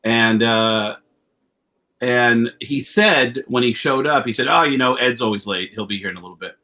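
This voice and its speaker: A man telling a long, rambling story with lots of restarts and cursing. He keeps jumping up in pitch to act out what people said. The sound comes over a video call. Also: moderate pace. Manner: animated storyteller, acts out quotes with raised voice; profane, rambling with many restarts. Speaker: comedian guest. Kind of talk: storytelling anecdote.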